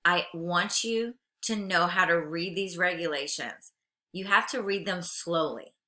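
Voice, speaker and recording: A woman's voice: lowish voice, unhurried, sharp tone. A woman instructor giving a recorded lecture, reading regulations aloud and then explaining them plainly to her students. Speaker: aviation instructor.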